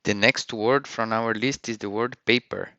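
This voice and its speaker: A man teaching vocabulary in a lesson, saying each word slowly and clearly and repeating it twice. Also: lowish voice, fairly even intonation, sharp tone, no room sound, dull audio. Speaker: language teacher.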